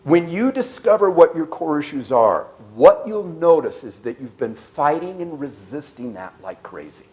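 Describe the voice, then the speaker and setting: A man giving an animated sermon-style talk at a church service, telling stories and questioning the audience. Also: on the high side, moderate pace, few pauses. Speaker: speaker.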